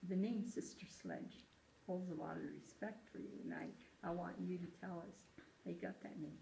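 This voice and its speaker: A woman interviewer asking measured questions in an oral history interview. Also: on the low side, creaky. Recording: echoey room, faint noise.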